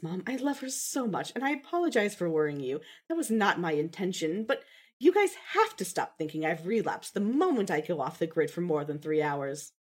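An earnest young woman pleads with her mother and apologizes, as a woman reader puts her on. Her pitch moves around a lot, and she sits at a middling height for a woman. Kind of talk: fan audio drama reading.

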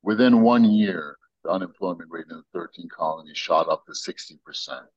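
An American man, a podcast guest, telling stories and arguing his views in an animated, opinionated way. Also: low voice, brisk, slightly rough, no room sound, dull audio. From United States. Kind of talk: casual podcast interview.

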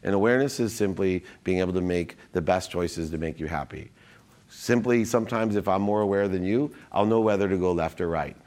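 A man's voice: low voice, a little fast, a little mellow. A man talking as a podcast guest, philosophizing with energy and restarting his sentences often as he tells his story. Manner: frequent restarts and self-interruptions. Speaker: podcast guest, business executive. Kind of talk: conversational storytelling.

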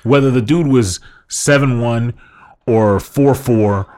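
A man co-hosting a casual podcast, joking and acting out bits in quick bursts. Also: medium pitch, dark tone. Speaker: podcast co-host. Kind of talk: casual chat.

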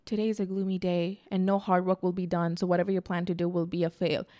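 A woman's voice: fairly low pitch, flat delivery, fast talker, warm tone, no room sound, clean studio sound, close to an everyday voice. A woman reading out a gloomy horoscope app. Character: gloomy astrology app voice, flat and doom-laden.

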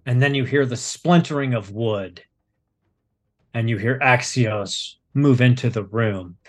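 A man narrating a tabletop game as game master, unhurried and descriptive. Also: mid-range voice.

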